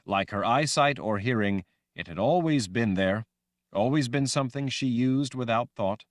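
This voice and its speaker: A man reading a fantasy audiobook aloud in a dramatic, expressive way. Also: mid-range voice, moderate pace, dry recording, studio quality. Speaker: audiobook narrator. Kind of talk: scripted fantasy audiobook narration.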